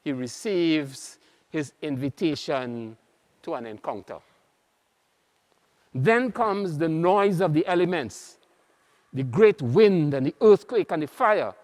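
Slow Trinidadian priest preaching. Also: male voice, on the high side, animated, a little mellow. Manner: earnest, measured, pausing often. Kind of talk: sermon. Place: large church. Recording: long church reverb.

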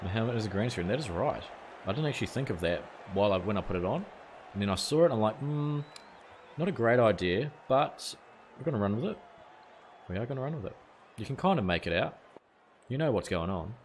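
A man's voice: fairly low pitch, animated, fast, a little hiss or hum. A man streaming a cricket video game live, chatting casually with viewers and swearing now and then. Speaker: gaming streamer.

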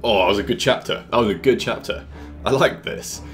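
Excitable young British man gaming. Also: lowish voice, fairly quick, soft background music. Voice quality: jumpy, exclamatory, jokey. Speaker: gaming YouTuber. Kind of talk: excited let's-play commentary.

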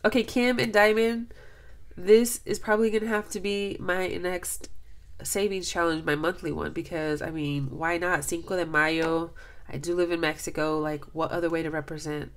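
Gushing, excitable woman vlogger. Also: fairly low pitch, normal speed. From Los Angeles, USA. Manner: gushing, excitable, laughs often. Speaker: budgeting vlogger. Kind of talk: casual vlog, opening mail.

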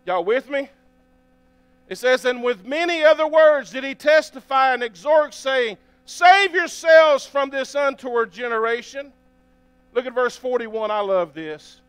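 A man's voice: extremely high pitch, a little slow, fairly bright tone, smooth, no echo. A man preaching a sermon as pastor, reading scripture aloud and often asking the congregation for an amen. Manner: reads scripture aloud between remarks.

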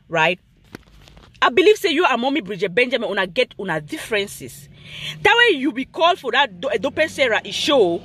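Cameroonian Pidgin accent, vlog host, heated rant, lively swinging pitch, dry close sound. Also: slightly rough, no echo. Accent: Cameroonian Pidgin English. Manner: animated, repetitive, addresses someone directly.

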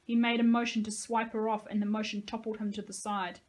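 Casting: woman teacher reading a novel aloud, dramatic and expressive, mid-pitched voice. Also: fairly quick, rough recording.

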